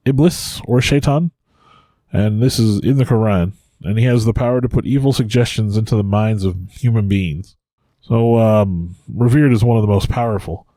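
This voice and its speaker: Male podcast co-host, low mellow voice, dry sound, loose and hesitant chat. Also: no echo. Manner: chatty, hesitant, trails off. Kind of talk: casual podcast discussion.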